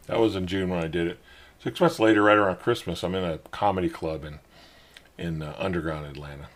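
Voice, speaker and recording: A middle-aged man hosting his own show, telling a rambling personal story in a casual way and getting animated when he quotes other people. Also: sits low. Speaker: podcast host.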